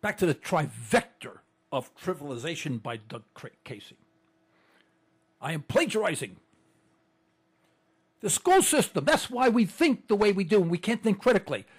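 A man with a high, breathy-edged voice hosts a political talk show, delivering an impassioned monologue. He rants fervently and repeats phrases for emphasis, recorded on a computer setup.

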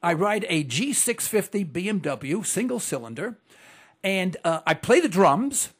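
A middle-aged man from New York hosting a call-in radio talk show, speaking formally, slowly and deliberately. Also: high voice, very animated, slightly rough.

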